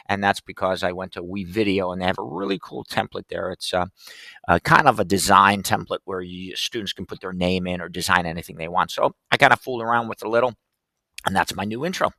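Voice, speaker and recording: Gravelly low-voiced man giving a tech demo. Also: bright, forceful tone, dry recording. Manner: chatty, step-by-step, loose with fillers. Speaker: podcast host teaching classroom tech. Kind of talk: casual screen-share walkthrough.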